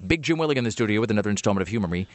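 Male radio host, lively up-and-down delivery, casual banter at the studio mic. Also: fairly low pitch, very fast, no echo. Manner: animated, lively delivery with many fillers. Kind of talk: casual radio banter and reading a listener letter.

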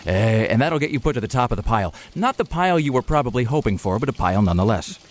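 Fast-talking sardonic male radio host. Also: medium pitch, lively intonation. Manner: rambling, sardonic storytelling. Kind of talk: casual talk radio banter.

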